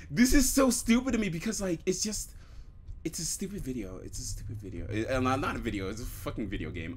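A man's voice: mid-range voice, sing-song, brisk. A young man commentating a horror game he plays, swearing often, jumpy and screaming at scares. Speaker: gaming YouTuber.

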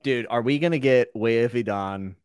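A man hosting a casual podcast chat, joking and laughing often, his voice trailing off quietly at the ends of lines. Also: medium pitch, normal speed, clean tone, dry recording. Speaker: podcast host.

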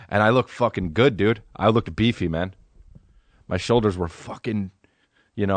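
A man's voice: low-pitched, no echo. Profane, rambling male podcast host. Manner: rambling, profane, laid-back. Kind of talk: comedic storytelling monologue.

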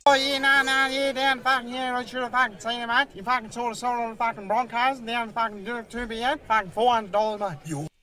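A man's voice: very high-pitched, steady tone, fast talker, long pauses, pushed and bright, pitched above the performer's own voice. A man putting on a crude, swearing Australian bloke who rambles in a slurred rant about a lost bet, with an Australian accent. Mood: grumbling.

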